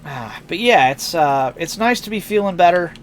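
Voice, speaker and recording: A man's voice: sits high, lively intonation, normal speed, slight background noise. A tired man chatting casually on a live stream through a headset, rambling with fillers and restarts. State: tired, yawning.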